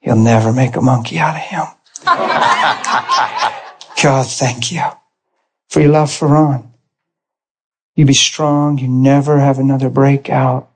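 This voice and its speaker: A man preaching a sermon in a church, telling healing stories in an animated way and often crying out in excitement. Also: medium pitch, a little slow, a little hiss or hum. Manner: animated, shouts and cries out in excitement. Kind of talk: sermon with testimony storytelling.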